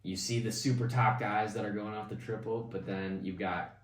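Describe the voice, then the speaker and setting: A man hosting a podcast in a relaxed, chatty way with plenty of fillers. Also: lowish voice, moderate pace. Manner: laid-back, chatty, lots of fillers. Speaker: podcast host. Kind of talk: casual chat. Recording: roomy, distant mic.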